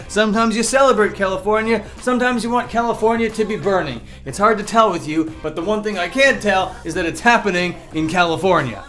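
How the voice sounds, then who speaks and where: A man's voice: high voice, a bit bright. A man hosting a mock-serious comedy commentary, lecturing sarcastically. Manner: sarcastic, lecturing, with mocking impressions. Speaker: youtuber host.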